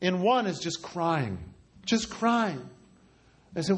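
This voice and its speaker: A man preaching with a notably high voice. He tells his story with passion, often pushing up toward a cry before easing back down. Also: very animated, slow, breathy edge. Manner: impassioned, often rising to a cry. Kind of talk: sermon storytelling.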